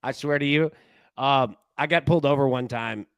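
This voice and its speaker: A man hosting a sports betting show in casual chat, an animated, rambling storyteller who often restarts his sentences. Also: mid-range voice, moderate pace, clear, resonant tone, no echo, highs cut off. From Tennessee.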